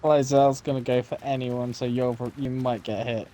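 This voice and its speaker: A man's voice: mid-range voice, level tone, normal speed, background noise. A man chatting casually while playing a video game with a friend, swearing freely and laughing at mishaps. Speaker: game player. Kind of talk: casual gameplay chat.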